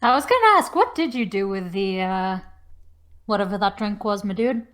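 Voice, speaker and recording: A woman's voice: medium pitch, expressive, moderate pace, a bit bright. A woman making blunt, joking asides in a casual group movie commentary. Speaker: commentary co-host.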